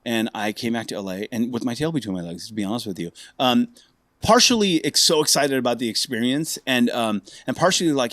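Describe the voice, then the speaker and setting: A man in his fifties from Los Angeles, a bassist telling stories in a casual interview, animated and full of fillers. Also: a little fast, dry recording, studio quality. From Los Angeles, USA. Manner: animated storyteller, acts out quoted voices, many fillers. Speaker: bassist guest.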